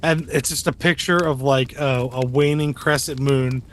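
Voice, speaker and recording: A man co-hosting a podcast, telling stories in an animated, casual way with lots of fillers and swearing. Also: mid-range voice, normal speed, a little hiss or hum. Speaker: podcast co-host. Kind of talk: casual chat.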